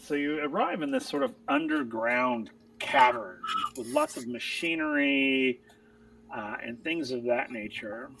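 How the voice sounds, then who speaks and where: A man's voice: sits high, big pitch swings, unhurried, vocal fry, distant mic, noisy background. A man narrating a tabletop game as game master, chatty and breaking into laughter often.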